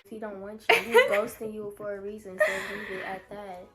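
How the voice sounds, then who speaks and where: A woman's voice: medium pitch, flat delivery, fairly quick, over music. A woman, the vlogger's sister, teasing her with blunt casual comments. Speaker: sister and co-host. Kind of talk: casual chat.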